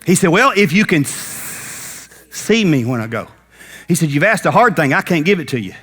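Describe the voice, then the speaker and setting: Bright, animated preacher man. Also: on the high side, moderate pace, husky. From United States. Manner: animated preacher acting out Bible characters in folksy talk. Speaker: pastor. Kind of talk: sermon.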